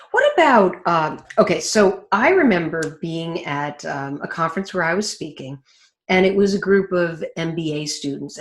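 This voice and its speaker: A woman hosting an interview, asking follow-up questions in a lively, easily amused way. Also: fairly low pitch, reverberant. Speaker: host. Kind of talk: conversational interview.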